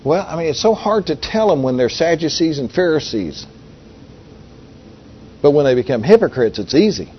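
A man's voice: a little high, big pitch swings, moderate pace, pauses often. A man preaching a sermon in a folksy, conversational way, reading scripture and asking the audience rhetorical questions. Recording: dull lo-fi recording with faint hiss.

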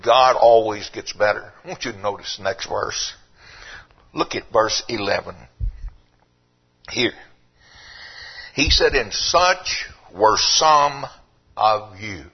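An older man preaching a sermon, swinging from low and quiet to loud and emphatic. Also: expressive, slow, pauses often, slightly rough, muffled recording.

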